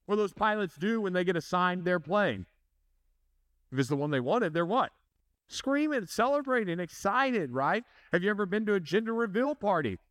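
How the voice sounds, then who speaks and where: A man's voice: high voice, expressive, fairly quick, fairly bright tone, no room sound, studio quality. A man preaching a sermon in a conversational way, asking the congregation questions and joking. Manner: conversational, asks the audience questions, jokes. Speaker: pastor.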